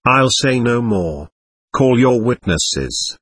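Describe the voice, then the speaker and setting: A man's voice: medium pitch, expressive, slow pace, fairly bright tone, dry recording, clean studio sound. A man reading as Dmitry, a furious accused man. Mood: indignant. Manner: indignant, rising outbursts. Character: furious accused young man, proud and bitter.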